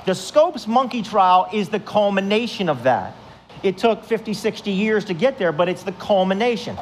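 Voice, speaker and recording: A pastor preaches to his congregation in an easy, chatty way, with a voice that sits a little higher than most men's. He tells stories and keeps asking his listeners questions. A faint noise sits under his voice. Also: lively intonation, moderate pace. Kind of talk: conversational sermon. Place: church service before a congregation.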